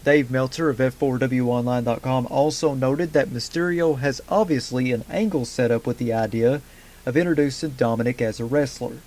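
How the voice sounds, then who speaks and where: A man's voice: mid-range voice, a little mellow. Man reading wrestling news headlines. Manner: brisk headline delivery with casual fan asides. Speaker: wrestling news podcast host. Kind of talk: news roundup read from a script.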